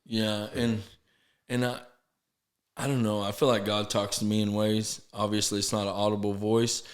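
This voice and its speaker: A man with a fairly low voice tells his story as a podcast guest. He speaks earnestly and haltingly, starts sentences over, and acts out what others said to him. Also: little pitch movement. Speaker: podcast guest, sober living founder. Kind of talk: casual storytelling interview.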